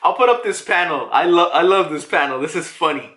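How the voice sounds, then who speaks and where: An excitable man reviews a comic chapter in casual talk and swears freely. His voice is high and bright and swings widely in pitch. The room sounds roomy and echoey. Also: fairly quick. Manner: excitable, swears and laughs often. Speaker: manga reviewer. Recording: roomy echo.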